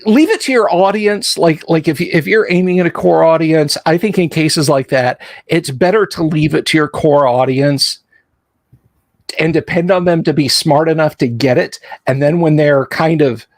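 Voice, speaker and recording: Rambling American man, slightly high voice. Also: fairly even intonation, normal speed, dry recording, studio quality. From United States. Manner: rambling storyteller, frequent restarts and asides. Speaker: podcast host. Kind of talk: casual live-stream chat.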